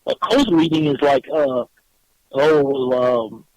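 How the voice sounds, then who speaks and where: A man's voice: medium pitch, takes it slowly, a little mellow, no room sound, poor audio. A man guesting on an internet radio show, talking bluntly and mockingly with casual profanity. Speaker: guest paranormal investigator.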